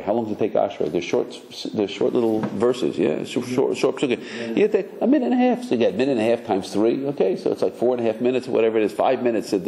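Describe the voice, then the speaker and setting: A man, a rabbi, telling a story in a Torah lecture, acting out the characters and at times crying out in a high voice. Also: roomy sound, slight background noise, rough recording. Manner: animated storyteller, acts out characters with sudden high cries.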